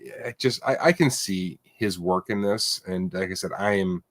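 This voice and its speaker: A man co-hosting a casual comic sales show, talking in a relaxed, hesitant way with many fillers. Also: low voice, moderate pace, dry recording, clean studio sound. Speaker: co-host. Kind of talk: casual chat about comic prices.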